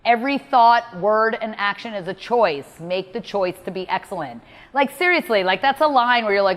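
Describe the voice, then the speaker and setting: A woman's voice: fairly high pitch, animated, normal speed, big-room sound. A woman giving a motivational talk as a mindset coach, blunt and emphatic, with a lot of "like".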